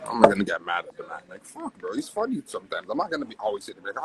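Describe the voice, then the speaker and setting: Deep-voiced man ranting profanely. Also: rapid-fire, background noise. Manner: profane, animated, wild pitch swings. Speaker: livestream host. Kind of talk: casual livestream rant.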